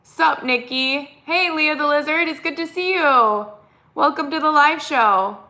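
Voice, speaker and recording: This woman's high-pitched voice sounds pushed and bright, and she keeps a measured pace. Originally from the United States and speaking with a Minnesotan accent, she hosts a casual live stream where she chats, reading out viewer comments and replying.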